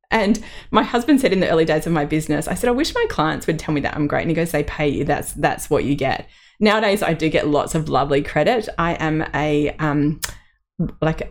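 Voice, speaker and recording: Casting: middle-aged woman, low voice, candid solo podcast host. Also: a little mellow. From Australia. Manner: candid and personal, with laughs and fillers.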